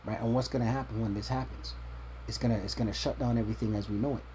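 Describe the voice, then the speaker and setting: A man's voice: medium pitch, steady tone, fast talker, warm tone, slight background noise. A man teaching from scripture in a sermon, checking in with "right?" after each point and repeating words as he searches for them. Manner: tags points with a questioning "right?". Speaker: religious teacher.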